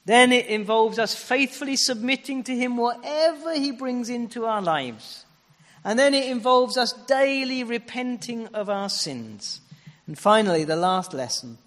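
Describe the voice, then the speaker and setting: A man preaching a sermon with emphatic, repeated phrases and sharp rises and falls. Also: sits high, in a large hall.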